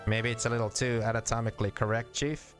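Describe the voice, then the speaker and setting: A man's voice: medium pitch, little pitch movement, fast talker, soft background music, voice pushed up, lightly acted. A man voicing a sarcastic, wisecracking floating talking skull in a game reading. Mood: wry. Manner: wisecracking, doubtful.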